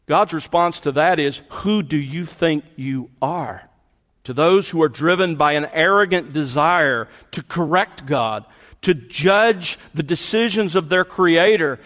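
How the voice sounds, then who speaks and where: Emphatic preacher in a reverberant hall. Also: male voice, high voice, a bit bright. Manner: emphatic, rising on key words, repeats phrases for stress. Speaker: pastor. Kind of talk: expository sermon.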